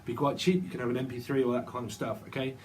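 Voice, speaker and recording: A man's voice: medium pitch, little pitch movement, fast, a little mellow, slight background noise. A man giving a casual tarot reading, rambling and repeating words and names as he goes. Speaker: tarot reader.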